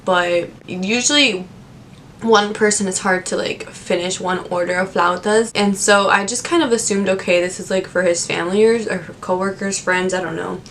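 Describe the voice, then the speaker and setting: A young woman talks straight to camera, retelling stories from her service jobs in a loose, chatty way. Her voice sits at an ordinary middle pitch. A faint rumble runs underneath. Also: normal speed. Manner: chatty, animated retelling with many fillers. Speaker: vlogger. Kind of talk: casual storytelling to camera.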